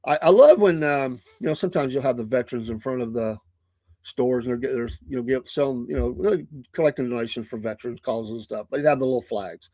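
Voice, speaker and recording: A man's voice: medium pitch, fast talker, warm tone, dry recording. A man hosting a casual morning talk show, rambling through stories and chuckling often into a close mic in a small studio.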